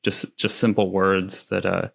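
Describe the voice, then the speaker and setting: Man, podcast host, hesitant thoughtful talker, gravelly low voice. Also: completely flat delivery, a little slow. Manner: thoughtful, hesitant, many fillers. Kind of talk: conversational podcast interview.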